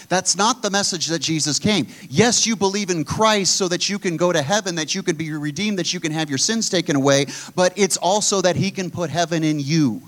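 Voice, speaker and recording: A man preaching a sermon, blunt and animated, often putting questions to his listeners. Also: high voice, brisk, few pauses.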